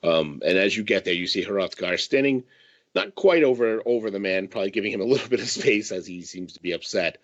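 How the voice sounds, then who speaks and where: Brief: male game master, halting descriptive narration, dull call sound. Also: fairly low pitch, expressive.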